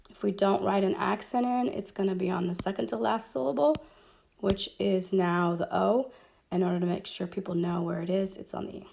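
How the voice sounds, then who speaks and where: A woman's voice: medium pitch, fairly even intonation, creaky, darkish tone. A woman teaching Spanish grammar at a whiteboard, explaining step by step with frequent ums. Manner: slow, explaining step by step with fillers.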